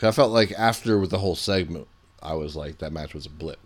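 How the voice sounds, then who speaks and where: A man co-hosting a casual wrestling recap chat, animated and excitable when retelling big moments. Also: low voice, brisk. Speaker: podcast co-host.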